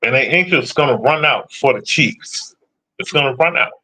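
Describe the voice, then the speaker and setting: A man's voice: medium pitch, expressive, moderate pace, sharp tone, breathy edge. A man ranting casually about football predictions, blunt and profane as he answers his chat. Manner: profane, blunt, trash-talking. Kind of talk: casual sports rant.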